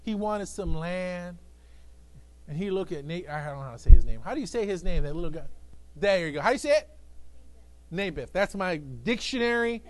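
A man's voice: sits high, lively intonation, a little fast. A male pastor preaching an emphatic sermon to a congregation that answers back. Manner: emphatic preaching with call-and-response, acting out voices. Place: church sanctuary with congregation.

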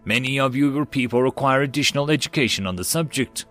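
A man's voice: mid-range voice, fast, soft background music, close to an everyday voice. A man doing a formal, literal-minded alien diplomat. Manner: precise, formal, flat.

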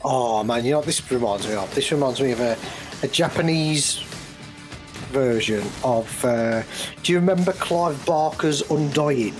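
A man's voice: medium pitch, moderate pace. Eager male co-host with music behind. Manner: eager, asks questions, enthusiastic. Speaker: podcast co-host. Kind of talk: casual gaming chat.

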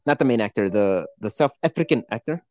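A man's voice: lowish voice, lively intonation, fast, a little mellow, no echo. A man co-hosting a podcast, chatting loosely, with frequent swearing and rambling restarts. He sits in a mid range, recorded close and dry with no room sound. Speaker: podcast co-host. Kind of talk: casual chat.

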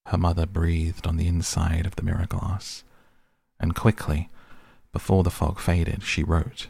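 Very deep, gravelly male storyteller. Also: level tone, a little mellow, dry recording. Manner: measured storytelling. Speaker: narrator. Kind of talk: audiobook narration.

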